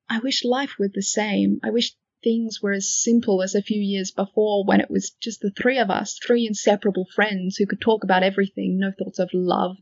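A woman reading an emotional first-person story with a gentle, wistful delivery. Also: medium pitch, creaky, slightly rough, no echo. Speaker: fan fiction reader. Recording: dull lo-fi dry recording.

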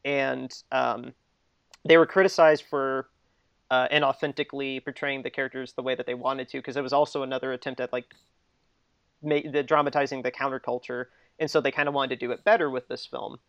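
Podcast co-host, male, chatty and giggly, smooth tone, slightly muffled dry recording. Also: mid-range voice, little pitch movement, fairly quick, a bit bright, no room sound. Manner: chatty, laughs often, trails off and restarts. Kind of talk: casual film discussion.

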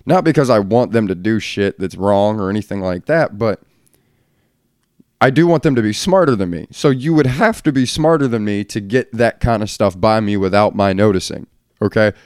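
A man's voice: fairly low pitch, normal speed, a little mellow, dry recording, clean studio sound. A middle-aged man hosting a solo podcast from a room at home, talking bluntly and ranting with plenty of swearing. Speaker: podcast host. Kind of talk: casual solo podcast rant.

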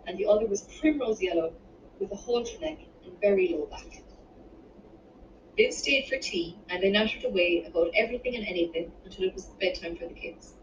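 A woman's voice: medium pitch, a little hiss or hum. Woman, storybook reading, distant echoey room, dull sound. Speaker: author reading her novel. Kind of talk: audiobook narration.

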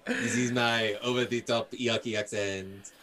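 A man co-hosting a podcast who mostly answers in quick replies and short agreements. He breaks in with playful jokes. His voice sits at an ordinary middle pitch for a man. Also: fairly even intonation, fairly bright tone. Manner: jokey, chimes in with short replies. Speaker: podcast co-host. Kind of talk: casual chat.

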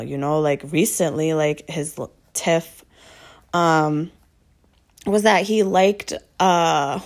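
A woman's voice: low-pitched, a little mellow. A woman talking off the cuff in a loose, rambling way, packed with filler words and swearing, often exasperated and asking rhetorical questions. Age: adult with children. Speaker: vlogger venting about her partner. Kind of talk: casual unscripted monologue.

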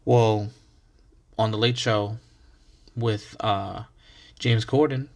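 A medium-pitched man speaks in a steady tone at a slow pace, leaving long pauses. On his own podcast he rambles in a laid-back, coffee-hyped monologue, restarting words and swearing freely.

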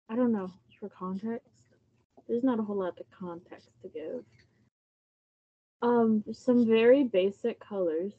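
A woman co-hosting a podcast in casual chat, playful and easygoing. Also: mid-range voice. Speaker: podcast co-host. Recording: slightly muffled podcast audio.

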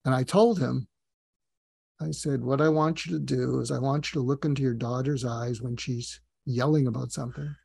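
An earnest man tells a long story on a podcast, voicing each person in the dialogue as he goes. His voice sits at a medium pitch. The sound is dry and close, with almost no room. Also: steady tone, normal speed, vocal fry, warm tone, husky, dry recording. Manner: earnest, speaks in long anecdotes with quoted dialogue. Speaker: guest psychiatrist and author. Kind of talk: reflective storytelling.

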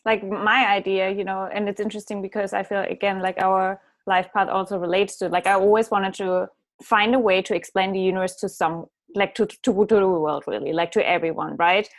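A woman hosts a reflective spiritual conversation, thoughtful and affirming. She reaches for her words as she goes. Her pitch sits in an ordinary middle range for a woman. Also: steady tone, fairly quick. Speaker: host.

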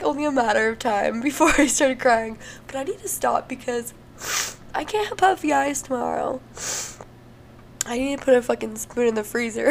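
A woman's voice: high-pitched, vocal fry, slight background noise. A young woman hosting a casual solo podcast, emotional and crying, laughing through tears and swearing freely. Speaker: podcast host.

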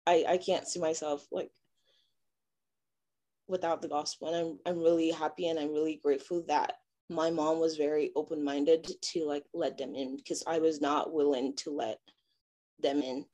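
A young woman from Nigeria, giving a halting personal testimony full of fillers and restarts. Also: low-pitched, little pitch movement, dark tone. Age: young adult. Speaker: interviewee.

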